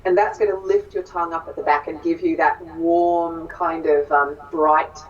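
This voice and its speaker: A woman's voice: deep voice, fairly even intonation, moderate pace. Brief: female Australian accent coach, thoughtful and hesitant, dull distant clip sound. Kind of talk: interview explanation.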